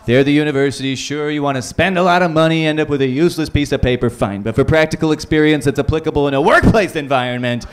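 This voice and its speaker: A man's voice: a little high, fast talker, few pauses, smooth. A man from Canada performing a crude, rambling stand-up set in a small comedy club, slipping into silly voices for bits.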